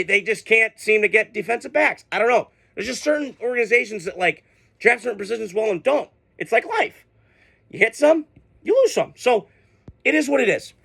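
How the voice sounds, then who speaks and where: A man with a high, bright voice and a gravelly edge delivers a casual sports rant. He gets heated and profane, venting his frustration in sudden outbursts. His tone stays sharp and forceful throughout. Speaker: sports podcast host. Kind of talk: casual ranting commentary.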